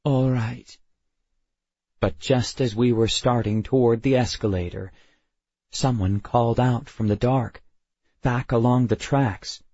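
A male narrator reads a first-person audiobook in a slow, measured way. His voice carries a husky grain. The recording is dry and slightly dull. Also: medium pitch, fairly even intonation, mellow, no echo. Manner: measured, unhurried.

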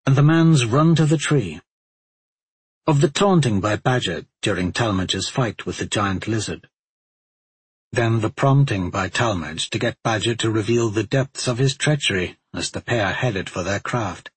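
A man narrating a fantasy novel in a measured storytelling voice. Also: fairly low pitch, slightly rough, no echo. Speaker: audiobook narrator.

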